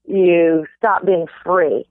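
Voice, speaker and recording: This Southern American woman, a stage actress, is an animated interview guest who readily slips into brief accent impressions during casual conversation. Her voice is on the low side, heard through tinny, phone-like audio that is dry and echo-free.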